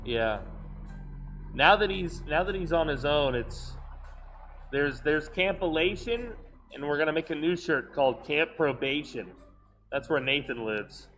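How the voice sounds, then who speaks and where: A man chatting casually while playing a game with a friend, making teasing deadpan jokes. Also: on the high side, measured pace, a little hiss or hum. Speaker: co-player, veteran gamer. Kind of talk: casual gaming chat.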